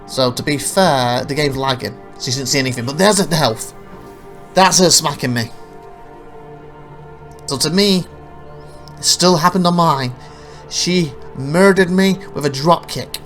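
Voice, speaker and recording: A man's voice: fairly high pitch, a bit bright. A man narrating his own gameplay footage as a let's play, rambling through anecdotes with frequent restarts. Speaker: gameplay commentator.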